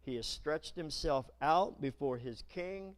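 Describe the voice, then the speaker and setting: A male pastor preaching a sermon in a church, retelling scripture in a dramatic, animated storytelling manner. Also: fairly high pitch, measured pace.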